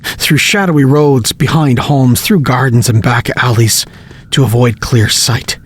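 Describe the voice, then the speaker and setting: A man reads his own horror story in the first person, at an everyday middle pitch. He keeps his delivery tense and hushed, pressing forward as the danger closes in. A faint hiss sits under the voice. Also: measured pace. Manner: tense, hushed, building urgency. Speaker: narrator and author. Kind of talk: scripted horror story narration.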